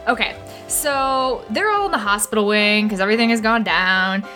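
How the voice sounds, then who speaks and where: A woman co-hosting a podcast, casually and irreverently recapping a book chapter and acting out the characters' lines in quick voices. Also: medium pitch, sharp tone, faint music behind. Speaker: podcast co-host.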